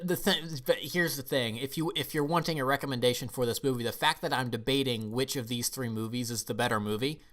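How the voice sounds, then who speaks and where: A man's voice: medium pitch, fairly bright tone. A man from the United States giving a casual, rambling film review vlog, often emotional and restarting his sentences.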